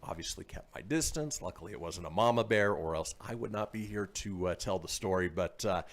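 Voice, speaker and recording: A man's voice: deep voice, fairly quick. A man from northern Nevada hosting a radio show, chatting casually and reading news stories with frequent laughs. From northern Nevada, USA. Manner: animated, laughs often, reads stories aloud.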